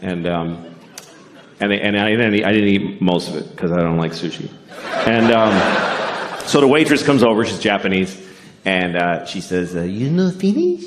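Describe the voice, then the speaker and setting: A man's voice: deep voice, moderate pace, long pauses, noisy background. A man doing a stand-up comedy set, crude and mock-ranting, acting out characters on a stage before a live audience. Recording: echoey venue with crowd laughter.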